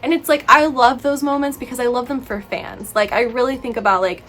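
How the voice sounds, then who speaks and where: A woman's voice: fairly high pitch, fairly even intonation, a little fast, a bit bright. A young woman vlogging casually to camera, chatty and playfully opinionated, full of "like" and "you know". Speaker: YouTuber reviewing books and films.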